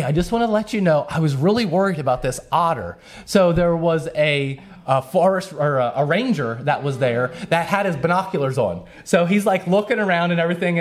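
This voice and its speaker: Young male podcast host, slightly high voice, animated storyteller who laughs through his tale. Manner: animated, laughs while telling, acts out voices. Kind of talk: casual storytelling.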